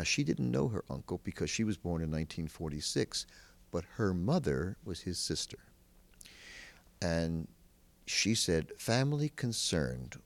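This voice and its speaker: A man, a conductor, telling a story in an animated way and acting out the voices of the people in it. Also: low-pitched, gravelly. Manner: acts out quoted voices, chuckles, shifts loudness for effect.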